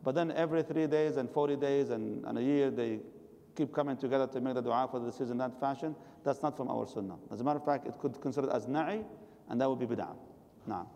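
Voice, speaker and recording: Fast-talking man teaching in a reverberant hall. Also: medium pitch, dark tone. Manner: explanatory, advising listeners directly. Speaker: religious teacher. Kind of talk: Islamic lecture and question-and-answer.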